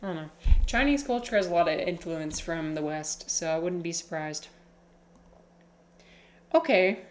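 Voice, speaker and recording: Woman streamer, chatty and playful, lowish voice, echoey room with music behind. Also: a little slow, long pauses. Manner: chatty and playful, cooing baby talk to her pet. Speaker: livestream host. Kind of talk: casual streaming chat and reading aloud.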